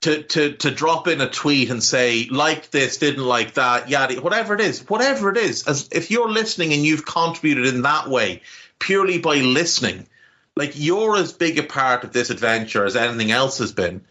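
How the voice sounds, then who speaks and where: A man's voice: a little high, lively intonation, moderate pace, sharp tone, muffled recording. A man with a Navan Irish accent, co-hosting a podcast in casual chat, rambling and heartfelt with many restarts and casual swearing. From Ireland. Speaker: podcast co-host.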